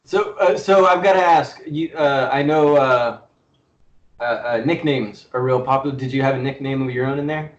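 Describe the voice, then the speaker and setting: A man's voice: medium pitch, normal speed. A man hosting a podcast, reacting with profane enthusiasm and asking questions in casual chat. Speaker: podcast host. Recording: roomy, distant, dull-sounding mic.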